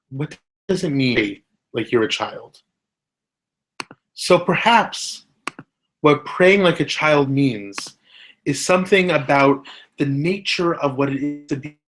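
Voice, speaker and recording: A man's voice: fairly high pitch, a bit bright. A man, a rabbi, giving an earnest recorded lecture, explaining step by step and posing rhetorical questions.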